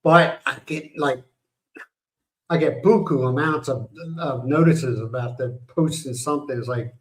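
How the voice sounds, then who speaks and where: Speaking at a measured pace with a medium-pitched voice, an older American livestream host rambles bluntly from his home in the Philippines, swearing here and there. The recording quality is low.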